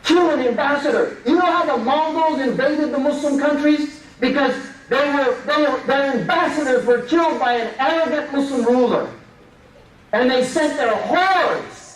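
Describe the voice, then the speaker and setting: A man's voice: extremely high pitch, moderate pace. A man preaching a sermon, speaking emphatically and posing rhetorical questions. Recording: echoey room, distant mic.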